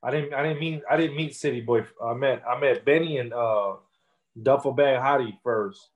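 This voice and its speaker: Laid-back profane rapper. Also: male voice, medium pitch, normal speed, highs cut off. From Texas. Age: 30s. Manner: loose, profane storytelling with many fillers. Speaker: rapper guest. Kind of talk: casual interview.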